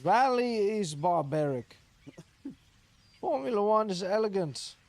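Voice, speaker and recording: A man's voice: sits high, lively intonation, unhurried, a little mellow, no echo, pitched above the performer's own voice. Guy putting on a pompous foreign-sounding racing snob, drops little words, talks all grand and lofty, voice leaps up and down a lot. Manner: drops articles, grand pronouncements.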